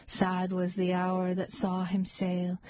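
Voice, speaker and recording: A woman reading poems aloud in a slow, measured, lilting recitation. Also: on the low side, completely flat delivery, a little mellow, dry recording, poor audio. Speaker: poetry reader.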